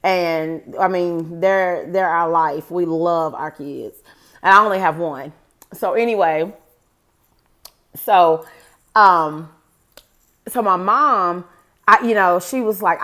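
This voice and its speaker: She takes her time, speaking in a lowish, slightly bright voice. This woman in her forties tells viewers a personal story in a relaxed, rambling vlog, often turning to them with "guys."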